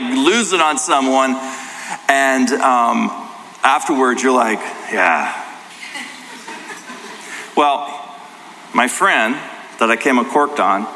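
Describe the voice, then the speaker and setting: A middle-aged man pastor giving a sermon, talking in an animated, conversational storytelling way. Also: medium pitch, a little hiss or hum. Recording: hall reverb, faint ambience.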